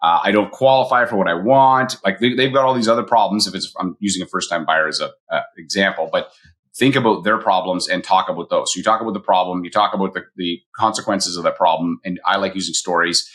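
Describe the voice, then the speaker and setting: Fast-talking low-voiced man coaching. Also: fairly bright tone. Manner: fast, casual, acts out quick quoted voices. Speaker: mortgage broker and podcast host. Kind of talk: solo podcast coaching talk.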